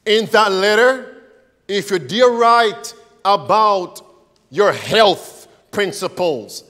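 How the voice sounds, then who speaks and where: A man's voice: high voice, slow pace, sharp tone, in a large hall. A man preaching a sermon, firing rhetorical questions at his congregation and stressing his points.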